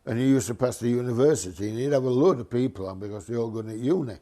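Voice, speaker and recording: A man's voice: mid-range voice, fast. Older man spinning a yarn. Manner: lively, mischievous storyteller, dialect grammar. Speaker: former bus driver telling a story. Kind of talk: casual anecdote.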